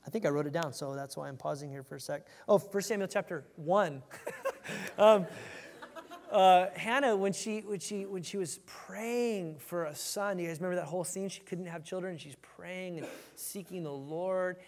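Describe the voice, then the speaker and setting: A man with a notably high voice delivers a conversational sermon as a pastor, reading his verses with animated emphasis. His voice rings out in a large hall with a long reverb, the kind heard in a church sanctuary. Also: moderate pace, slight background noise.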